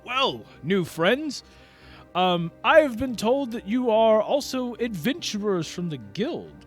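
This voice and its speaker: A man's voice: sits high, big pitch swings, slow, slightly rough, soft background music, pitched above the performer's own voice, full character voice. A man voicing a genial, chatty bearded king who speaks in a stately way. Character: genial bearded middle-aged male king.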